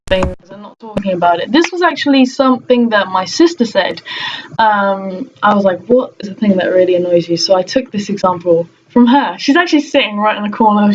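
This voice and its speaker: A young woman chatting casually to camera at home about her pet peeves. She laughs often and acts out what other people say. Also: medium pitch. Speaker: vlogger. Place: room at home. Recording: dull lo-fi audio with faint noise.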